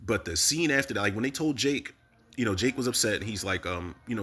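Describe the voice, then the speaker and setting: A man casually recapping a TV episode, animated and profane, talking straight to his viewers. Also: fairly low pitch, fast, husky. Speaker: TV recap host.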